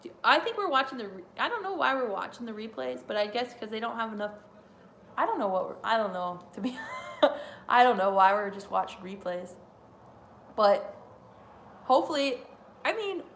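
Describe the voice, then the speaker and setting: A woman's voice: fairly high pitch, expressive, a little fast, long pauses, fairly bright tone, a little hiss or hum. A woman hosting a casual wrestling watch-along, chatting in a rambling way and laughing often. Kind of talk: casual live reaction chat.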